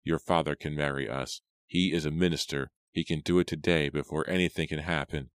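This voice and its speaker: A man's voice: extremely low pitch, steady tone, brisk, smooth, no echo. A man voicing an earnest, devoted young man in an audiobook.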